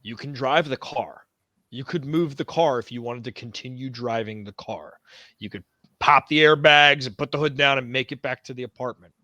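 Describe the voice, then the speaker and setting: Game master guy laying out what happens, bright voice, dry close sound. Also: medium pitch, normal speed, dry recording. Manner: explanatory. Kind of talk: running a tabletop game.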